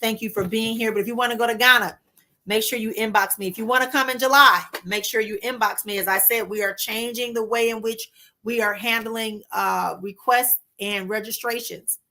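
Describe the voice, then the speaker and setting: Bright-voiced woman hosting a livestream. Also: a little high, fairly even intonation. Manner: warm, reassuring, addresses viewers as "my love" and "honey"; drawn-out soothing repetitions. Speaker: spiritual livestream host. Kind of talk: casual livestream chat with viewers.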